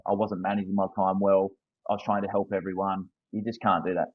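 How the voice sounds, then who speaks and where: A man's voice: low voice, little pitch movement, brisk, slightly rough, no echo, narrow, tinny audio. An Australian man in his thirties, a football coach speaking as a guest in a casual interview, candid and earnest, often restarting his sentences.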